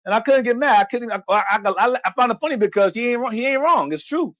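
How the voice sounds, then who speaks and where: A man hosting a casual live stream chat, talking in a relaxed, rambling way. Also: very high voice, fast, no echo, lo-fi sound. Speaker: host.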